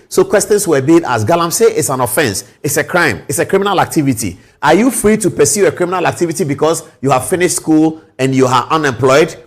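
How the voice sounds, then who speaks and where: Male host, lively pitch, emphatic political commentary. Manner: animated, emphatic, rhetorical questions. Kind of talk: opinionated news commentary.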